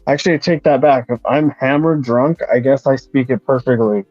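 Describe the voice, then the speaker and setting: A man chatting casually and calmly while he paints, explaining as he works. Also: medium pitch, brisk, dry recording, soft background music. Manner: relaxed, explains while working. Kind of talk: casual chat. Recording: dull lo-fi sound.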